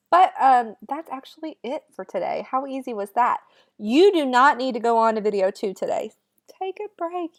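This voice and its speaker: A woman music teacher giving a remote lesson to children, chatty, upbeat and encouraging. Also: mid-range voice.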